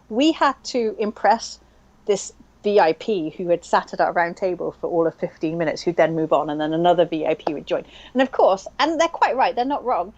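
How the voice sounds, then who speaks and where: A woman's voice: medium pitch, darkish tone, dull audio. Rambling woman co-hosting a mahjong stream. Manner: rambling, thinks aloud with many fillers. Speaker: stream co-host. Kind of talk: casual chat while playing online mahjong.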